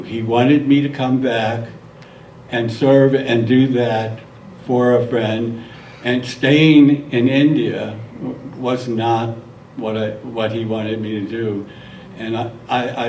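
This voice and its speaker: A man gives a heartfelt spiritual reflection, earnest and halting. He speaks very slowly at an average pitch. His voice sounds distant, with the reverberation of a roomy hall. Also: darkish tone, slight background noise. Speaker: speaker sharing a memory.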